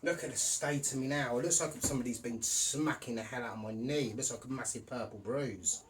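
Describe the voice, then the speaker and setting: A man's voice: medium pitch, fairly quick, distant mic, a loud crowd. A middle-aged man hosting a casual podcast, sighing and swearing in exasperation, sounding hot and sweaty. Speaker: podcast host. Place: hot room indoors. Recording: voice a bit off-mic with faint noise.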